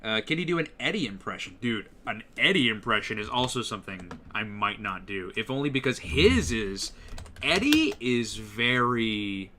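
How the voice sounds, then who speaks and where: A man's voice: fairly low pitch, normal speed, slight background noise. A man, a voice actor, chatting casually while streaming a game and demonstrating voices. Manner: animated, slips into voices to demonstrate.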